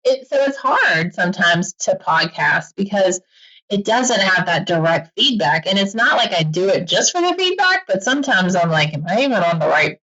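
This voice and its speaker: A woman talking as a podcast guest in a casual, animated way, laughing often and acting out quick quoted asides. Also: mid-range voice, highs cut off. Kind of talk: casual interview chat.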